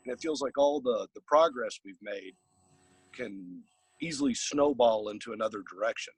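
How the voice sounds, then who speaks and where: Guy from chicago on a video call, husky voice, dry sound, rambles with lots of you knows. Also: mid-range voice, moderate pace, no echo, rough recording. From Chicago area. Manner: relaxed, rambling, many fillers. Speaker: caregiver partner. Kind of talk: casual personal sharing on a group call.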